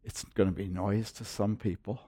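A man preaching a sermon, moving from loud emphatic lines to quiet, hushed ones. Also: on the low side, little pitch movement, moderate pace, breathy edge. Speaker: pastor.

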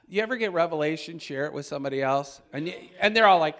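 A man preaching a storytelling sermon, animated and chuckling, who breaks into loud exclamations when he acts out moments. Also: on the high side, fast talker. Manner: animated, shouts out quoted exclamations; chuckles while telling stories.

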